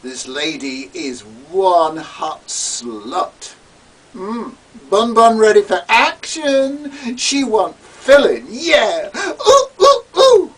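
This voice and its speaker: A man's voice: sits high, huge pitch swings, drawn-out words, a bit bright, breathy edge, pitched above the performer's own voice, heavily acted. A man voicing a flamboyant, brazen camp man who squeals, whoops and coos. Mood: brazen, lusty. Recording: distant mic with faint hiss.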